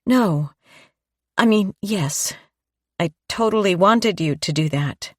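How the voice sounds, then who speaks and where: A woman's voice: mid-range voice, lively intonation, takes it slowly, no room sound, clean studio sound. A woman narrator voicing a shy, playful single mother in an audiobook, light and bashful. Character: warm, shy single mother, a little self-conscious. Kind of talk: audiobook dialogue.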